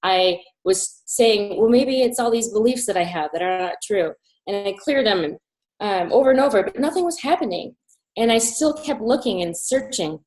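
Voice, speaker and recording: A woman from Colorado telling a personal story as an interview guest, animated and breathy in the emotional moments. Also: medium pitch, normal speed, low-quality recording. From Colorado, USA.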